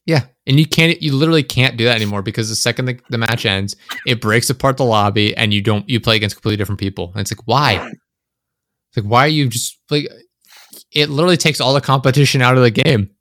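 A young man chatting casually on a podcast, rambling and animated, swearing often, close to his microphone. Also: medium pitch, quick pace, dry recording. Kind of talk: casual chat. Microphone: close desk microphone.

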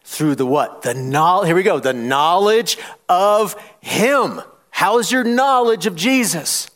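Slow and high-voiced with lively intonation, a man delivers a church sermon. He reads scripture emphatically and throws questions to the congregation, building to loud challenges as they respond.

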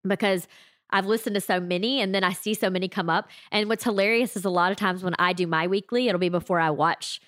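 A woman's voice: mid-range voice, fairly even intonation, fast, a bit bright, dry recording. Southern woman co-host, loose rambling talk, many fillers, medium voice, dry close recording. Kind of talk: casual chat.

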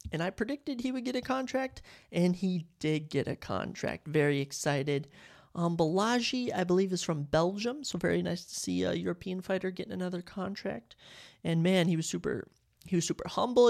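A young man from Minnesota hosting a casual solo podcast, talking in an excitable, rambling way and often correcting himself. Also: sits high, vocal fry. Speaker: podcast host.

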